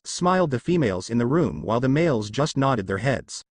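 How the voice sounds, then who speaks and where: Male narrator reading fan fiction aloud, lively pitch, plain delivery, dry close-mic sound. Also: a little fast, slightly rough, no echo.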